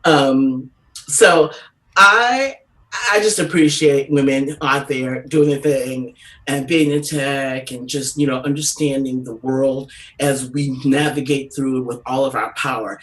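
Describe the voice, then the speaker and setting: A woman doing a stand-up comedy set, telling brash, profane stories in an animated way. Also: rumbling low, unhurried, recorded from a distance, poor audio.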